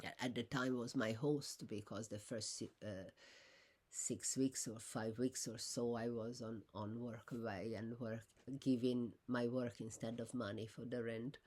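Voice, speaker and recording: Woman, deep-pitched, unscripted monologue; halting, self-correcting, flares upward when indignant. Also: fairly even intonation, a little mellow. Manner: rambling, with many fillers and restarts.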